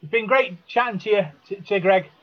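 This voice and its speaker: A man interviewing a guest, asking quick questions with brief, upbeat prompts. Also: high voice, no room sound, dull audio.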